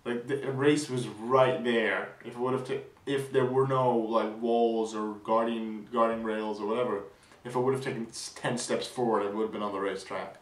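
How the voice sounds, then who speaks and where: A young man vlogging a casual weekend recap, rambling with fillers and restarts, excited. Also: medium pitch, moderate pace, roomy sound, distant mic, low-quality recording.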